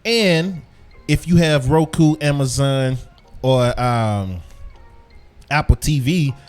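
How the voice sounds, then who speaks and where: Male podcast host, mid pitch, casual and repetitive, gum in mouth, light music bed. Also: takes it slowly, darkish tone. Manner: loose, chatty, repeats himself. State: chewing gum while talking. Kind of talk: casual sports commentary.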